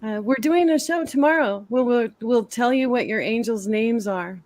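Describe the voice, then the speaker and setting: A woman's voice: fairly high pitch, moderate pace, a little mellow, dry recording. A woman chatting casually as a guest, telling stories with many fillers. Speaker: guest tarot reader and medium. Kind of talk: casual chat.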